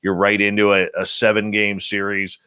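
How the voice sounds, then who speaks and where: A man hosting a radio roundtable, telling stories in an animated way with emphatic repeats. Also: lowish voice, moderate pace, clear, resonant tone, no room sound. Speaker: radio show host. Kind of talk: casual roundtable chat.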